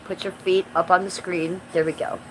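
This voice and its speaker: A woman's voice: on the low side, moderate pace, rough recording. A woman in her fifties chatting on a livestream in a brash, profane, rambling way. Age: 50s. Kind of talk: casual livestream chat. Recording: steady background noise.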